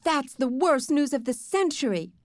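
A woman's voice: on the high side, expressive, normal speed, dry recording, clean studio sound, lightly acted. A woman voicing a bossy, dramatic young girl who gushes and scolds. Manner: gushing and bossy.

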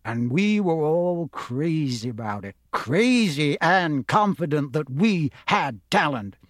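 A man reads a story aloud in a fairly high voice, recorded close and dry with no room sound. He lifts his pitch when quoting the characters in the story. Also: lively intonation, slow, dry recording. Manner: shifts pitch up for quoted characters. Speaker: audiobook narrator. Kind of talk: scripted narration with character voices.

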